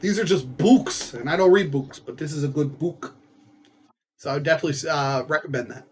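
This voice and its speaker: A man's voice: a little high, slightly rough. A young man casually summarizing a novel's ending, rambling with fillers and acting out characters and gunfire. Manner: rambling, lots of fillers and quick asides; acts out characters and gun sounds. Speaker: book reviewer.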